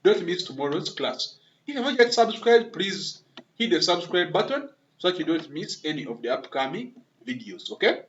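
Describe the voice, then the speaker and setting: A man's voice: sits high, big pitch swings, normal speed, a bit bright, lo-fi sound. A man teaching a beginner coding lesson over a screen recording. He repeats phrases often, keeps checking with "okay?", and encourages his viewers. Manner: repetitive, keeps asking "okay?"; encouraging, addresses viewers as members and guys. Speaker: web development instructor.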